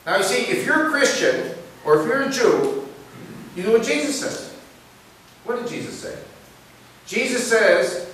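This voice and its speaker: A high, bright-voiced man addresses a crowd in an animated preaching style, firing questions at them and spinning anecdotes. He is heard from some way off in a very echoey hall, with a faint hiss under the recording. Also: a little slow, long pauses. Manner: animated, asks the audience questions and tells stories. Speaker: speaker addressing an audience. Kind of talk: preaching-style talk to a live audience. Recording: echoey room picked up from a distance with hiss.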